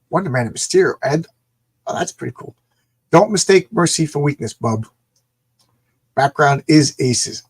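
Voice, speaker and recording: Excited gravelly man rambling about comics. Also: medium pitch, dry recording. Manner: excited, rambling, acts out characters' lines. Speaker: comic book reviewer. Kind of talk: casual livestream comic reading. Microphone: small camera mic.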